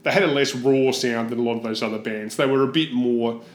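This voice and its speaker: A man's voice: medium pitch, fairly even intonation, brisk, roomy sound. A man in casual podcast chat who hedges his points and chuckles as he talks. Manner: hedging, chuckles between points.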